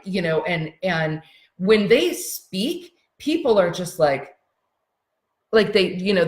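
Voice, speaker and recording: Brief: woman business coach, seated, storytelling, animated and chatty, roomy echo. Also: medium pitch. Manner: animated, chatty, many fillers and acted-out quotes. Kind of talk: workshop teaching with storytelling. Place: seated in a roomy space, sitting cross-legged. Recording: echoey room.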